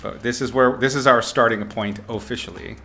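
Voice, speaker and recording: A man's voice: mid-range voice, steady tone, fairly quick, vocal fry, sharp tone, faint music behind. A man teaching art on a livestream, giving casual critiques in a playful, upbeat way with mock-brutal jokes. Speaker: art instructor streaming.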